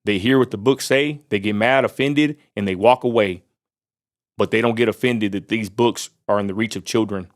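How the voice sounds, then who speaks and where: A man's voice: fairly low pitch, moderate pace. Fired-up Texan man ranting. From Texas. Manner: fired-up preacher-like rant with Southern "y'all". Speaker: vlogger. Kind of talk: angry ranting vlog. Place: outdoors near a roadside lot.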